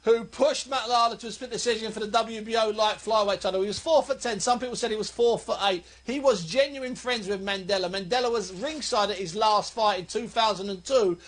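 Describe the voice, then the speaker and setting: A man hosts a boxing radio show with a high-pitched voice. He talks in an emphatic, chatty way and rattles off fight records. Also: fairly quick, few pauses, a bit bright. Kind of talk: radio talk show hosting.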